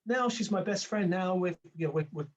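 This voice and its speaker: A man's voice: high-pitched, fairly quick, lo-fi sound. Older man, reflective spiritual teacher. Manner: reflective, rambling with restarts, acts out inner voices. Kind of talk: conversational interview.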